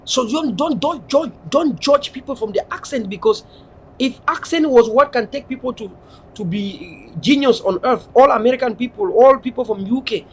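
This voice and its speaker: A man with a Cameroonian English accent speaks in a high, husky voice. He lectures emphatically and says points twice for weight. It sounds like a passionate monologue aimed at his listeners. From Southern Cameroons. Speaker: political activist speaker. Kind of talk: impassioned monologue.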